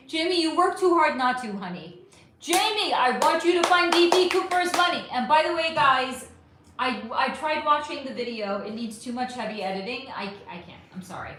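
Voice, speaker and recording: A woman's voice: a little high, a bit bright, a little hiss or hum. Affectionate chatty woman in an echoey room. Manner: chatty, affectionate, calls viewers honey, swears freely. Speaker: livestream host. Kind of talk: casual livestream chat reading comments.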